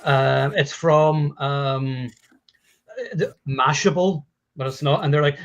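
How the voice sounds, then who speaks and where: A man's voice: fairly high pitch, steady tone, moderate pace. Profane rambling man on a lo-fi stream. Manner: profane, rambling with restarts and laughs. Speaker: podcast host. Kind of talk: casual panel chat about movies. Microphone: home mic on a video call stream. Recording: dull lo-fi stream audio.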